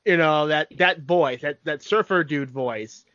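A man's voice: a little high, unhurried, a bit bright, no room sound. A man in his thirties co-hosting a podcast, chatting casually and explaining with examples. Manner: easygoing, explains with examples, brief agreements. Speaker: podcast co-host. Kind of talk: casual chat. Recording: dry, dull lo-fi sound.

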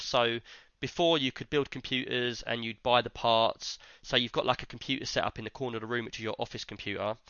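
A man hosting a laid-back podcast, talking in a chatty, rambling way full of fillers. His voice is bright and crisp, recorded dry, close to the mic, with a slightly dull, lo-fi edge. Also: mid-range voice, dry recording. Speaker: podcast host. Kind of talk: casual podcast chat.

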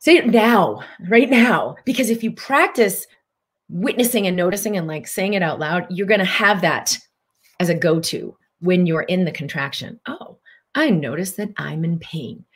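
Middle-aged woman, spiritual teacher, live talk, low-ish pitch, lively with acted asides. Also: moderate pace, slightly rough. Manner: animated, acts out inner voices.

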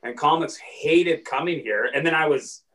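Guest comedian, male, from Saskatchewan, fairly high voice, rambling and animated, slightly off-mic. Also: moderate pace, recorded from a distance, low-quality recording. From Saskatchewan, Canada. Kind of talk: casual podcast storytelling.

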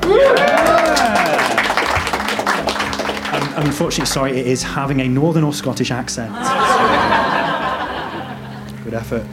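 Deadpan man hosting a silly quiz. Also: a little high, slow pace, pauses often, a loud crowd. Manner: deadpan, mock-apologetic quizmaster. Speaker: comedy show host. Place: live venue. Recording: echoey room with loud music.

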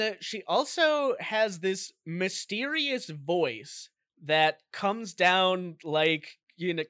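Bright, unhurried man recapping a game. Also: on the high side, smooth, dry recording, clean studio sound. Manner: laid-back storyteller, jokey asides. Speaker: podcast co-host. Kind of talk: casual chat, recapping a video game plot.

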